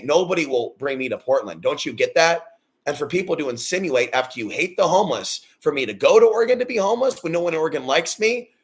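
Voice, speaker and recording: A man in his forties on a personal vlog, ranting bitterly and swearing a lot. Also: a little high. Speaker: vlogger. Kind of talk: angry personal rant.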